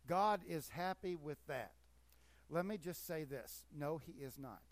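A pastor preaching a sermon with emphatic force that rises and falls. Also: male voice, fairly high pitch, expressive, a little slow.

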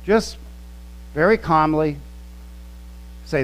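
Slow, emphatic preacher man. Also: on the high side, animated, low-quality recording. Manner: slow, emphatic teaching with quoted scripture and word studies. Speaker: pastor. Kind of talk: sermon.

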